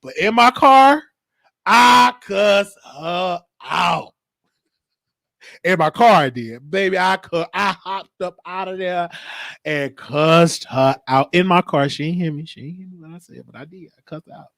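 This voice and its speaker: A man hosting a talk show, telling stories in a casual, slangy, animated monologue. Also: high voice, a little slow, no echo. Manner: animated, slangy, acts out quotes.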